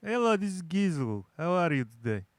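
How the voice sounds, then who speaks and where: A man's voice: fairly high pitch, very animated, fairly quick, no echo. A man putting on a clumsy, vague Eastern European accent as a male caller. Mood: greeting.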